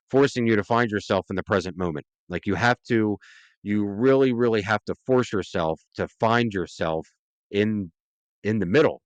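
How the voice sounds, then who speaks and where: A man's voice: lowish voice, no room sound. A man, a podcast guest, talking earnestly and at length in a casual interview, often checking in with "right?".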